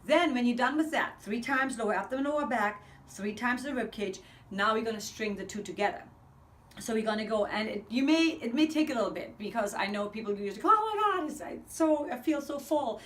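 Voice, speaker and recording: A woman's voice: on the high side, fairly quick. A woman vocal coach leading a breathing lesson, counting steadily and speaking in an upbeat, encouraging way.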